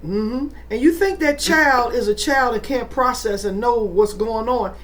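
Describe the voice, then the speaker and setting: A woman, hosting a podcast in casual, animated chat and acting out voices. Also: a little high, measured pace. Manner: animated, exclaims and acts out voices. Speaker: podcast host.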